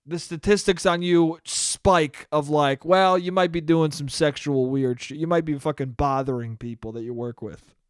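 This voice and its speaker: A man's voice: a little high, fairly even intonation, moderate pace, smooth, no echo, clean studio sound. A man hosting a solo comedy podcast, ranting profanely and laughing at his own jokes. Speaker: podcast host.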